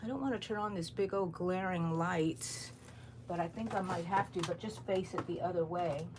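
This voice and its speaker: A middle-aged woman hosts a crochet livestream from a room in her home on an overcast morning, rambling chattily and greeting viewers by name. Her voice is fairly low-pitched at normal speed. There's slight background noise.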